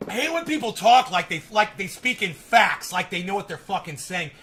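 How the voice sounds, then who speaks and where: A man live streaming from his phone, ranting with heavy profanity and yelling at commenters in his chat. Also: high voice, very animated, normal speed, hardly any pauses, low-quality recording.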